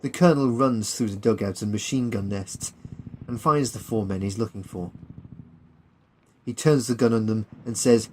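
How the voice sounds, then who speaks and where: A man's voice: lowish voice, moderate pace, darkish tone, slight background noise, low-quality recording. A man narrating his own war story as an audiobook. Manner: plain storytelling. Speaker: narrator and author.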